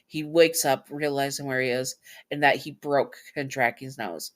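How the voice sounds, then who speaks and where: A woman's voice: a bass voice, fairly even intonation, moderate pace. A woman casually reading fan fiction aloud, stumbling over words and apologizing as she corrects herself. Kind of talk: casual story read-aloud.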